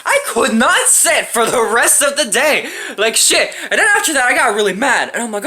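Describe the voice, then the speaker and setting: A woman's voice: a little high, animated, normal speed, hardly any pauses, pushed and bright. A young adult woman hosting a storytime channel, telling a story in a casual, profane way and laughing often.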